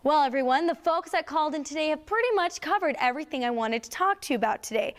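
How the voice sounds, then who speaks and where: A woman's voice: sits high, fast. A woman cheerleader hosting the program, who speaks to the audience with enthusiasm as she wraps up. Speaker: cheerleader host wrapping up the show.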